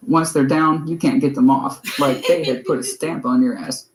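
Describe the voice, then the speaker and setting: A man giving a tarot reading on a livestream, fired up and blunt, with profanity scattered through his advice. His voice sits somewhat high. The room around him is reverberant and hollow. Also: fairly even intonation, moderate pace. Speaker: tarot reader. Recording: echoey room.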